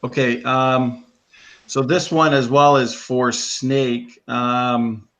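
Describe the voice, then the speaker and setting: A man's voice: medium pitch, level tone, takes it slowly, a bit bright. A man moderating a debate, reading out audience questions with many hesitant ums.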